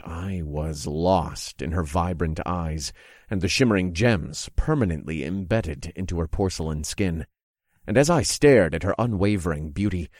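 A man narrating a story in the first person in a calm, descriptive, measured way. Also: low-pitched, no echo, clean studio sound.

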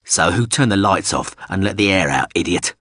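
A man's voice: low voice, expressive, normal speed, pushed and bright, no room sound, studio quality, heavily acted. A man playing a cold, curt starship pilot. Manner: clipped and commanding.

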